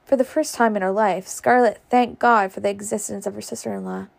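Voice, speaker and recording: Gravelly woman reading a novel aloud. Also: mid-range voice, steady tone, fairly quick. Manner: stumbles and laughs at slips. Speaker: reader. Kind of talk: casual audiobook reading.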